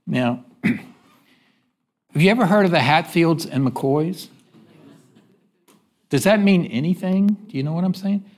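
A man preaches in church in a plainly folksy, conversational way, stopping often to let the congregation call out the missing word. His voice sits high and swoops up and down with plenty of life. He repeats himself casually as he works through the point. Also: lively intonation, slow, pauses often. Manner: asks the congregation fill-in-the-blank questions. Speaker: pastor. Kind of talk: sermon.

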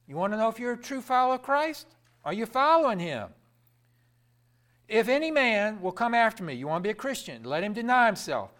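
A man preaches a fervent sermon, posing questions to the crowd and answering them himself. His delivery climbs to loud, emphatic peaks before dropping low and quiet.

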